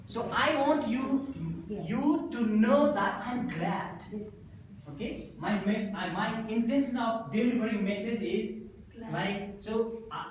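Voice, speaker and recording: A man's voice: high-pitched, slight background noise. A man with a Nepali accent giving a classroom lecture to teachers, explaining patiently and often checking understanding with "okay?" and "right?". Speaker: teacher trainer. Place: school classroom. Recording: echoey room, voice from far off.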